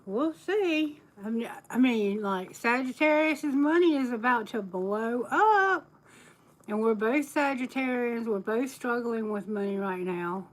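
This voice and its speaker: A woman's voice: fairly high pitch, expressive, unhurried, low-quality recording. A woman tarot reader chatting candidly on a live stream, telling personal stories and laughing often. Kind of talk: casual live-stream chat.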